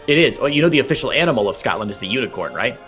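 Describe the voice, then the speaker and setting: A man's voice: mid-range voice, big pitch swings, very fast, fairly bright tone, faint music behind. A man giving chatty, playful play-by-play commentary on a strategy game match, with frequent restarts. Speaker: esports caster.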